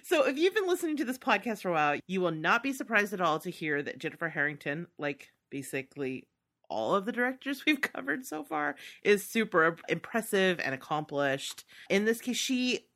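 Bright, lively woman podcast co-host. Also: mid-range voice, fairly quick. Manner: chatty, laughs often, upbeat. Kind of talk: casual chat.

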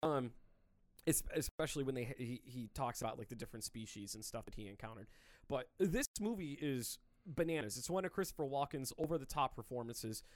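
A man's voice: medium pitch, fairly quick, no echo. A man hosting a podcast in loose, joking casual chat, swearing freely. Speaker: podcast host.

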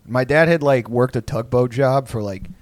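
Man telling a crude funny story, mid pitch, dry close mic. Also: normal speed, no echo. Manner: profane, rambling, acts out quoted voices. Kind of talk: casual comedic storytelling.

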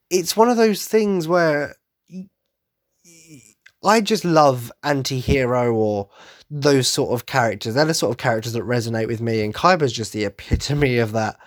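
A man's voice: mid-range voice, no echo, clean studio sound. A young man, gushing enthusiastically in a casual solo podcast monologue. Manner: enthusiastic fan gushing, quick asides. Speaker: podcast host.

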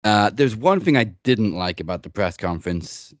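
A man's voice: lowish voice, very animated, moderate pace, no room sound. A man hosting a wrestling podcast, chatting casually and bluntly, joking and swearing freely. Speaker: podcast host.

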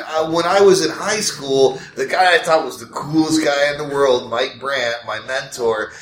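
A man's voice: medium pitch, moderate pace, few pauses, fairly bright tone, echoey room. A man co-hosting a podcast in casual chat, rambling, repeating words and laughing often. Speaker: podcast co-host.

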